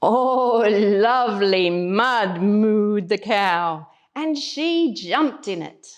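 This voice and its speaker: A woman reading a picture book aloud to young children, slow and expressive, doing voices for the animals. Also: mid-range voice.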